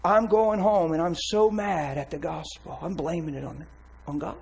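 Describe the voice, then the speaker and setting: A man preaching a candid, blunt personal testimony with animated storytelling. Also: on the high side, moderate pace, vocal fry, slightly rough, low-quality recording. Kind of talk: sermon testimony.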